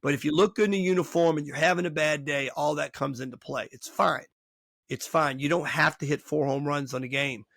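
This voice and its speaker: A man's voice: fairly high pitch, fairly quick, creaky, no room sound, studio quality. A middle-aged man hosting a podcast, a baseball coach telling stories in casual chat and acting out the voices of people he quotes. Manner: animated storyteller acting out quoted dialogue. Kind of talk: storytelling in casual interview chat.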